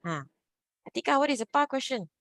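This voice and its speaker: A woman teaching an online Mandarin lesson, mixing English and Mandarin and giving steady praise and correction. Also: sits high, quick pace, creaky, dry recording. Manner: encouraging, switching between English and Mandarin, frequent praise.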